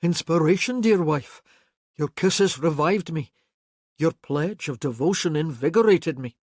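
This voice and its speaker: A woman narrator voices a bold Highland warrior, firm and loud and coaxing. She keeps it in her own lowish register rather than dropping deep. The sound is close and dry. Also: expressive, a little slow, no room sound. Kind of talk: audiobook character voicing.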